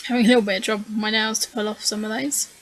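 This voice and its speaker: Speaking very fast in a flat, mid-range voice with a fairly bright tone, a tired, yawning scrapbooking channel host casually narrates her process in voice-over. She rambles and hesitates, using frequent fillers, and the recording is low quality.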